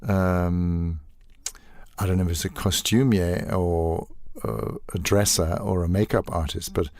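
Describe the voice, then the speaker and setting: An older man, a voice actor guest telling animated stories in a casual interview and acting out quoted lines. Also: low-pitched, measured pace, creaky, no room sound, clean studio sound. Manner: animated storyteller, acts out quoted lines, laughs often.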